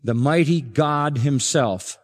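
A man preaching an expository sermon with emphatic, deliberate delivery. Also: on the high side, long reverb tail.

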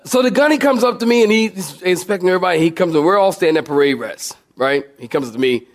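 High-voiced preacher telling a lively story. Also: male voice, quick pace. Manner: animated, acts out shouting and laughs mid-story. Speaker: pastor. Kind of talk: storytelling sermon.

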